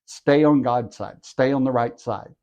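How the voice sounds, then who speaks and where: Measured and a little mellow, a mid-range male voice reads from the Bible for his podcast. He keeps interrupting the passage with wry, joking asides.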